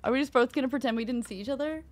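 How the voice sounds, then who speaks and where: A woman streamer giving live gameplay commentary, excitable, cursing and laughing often. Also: high-pitched, racing.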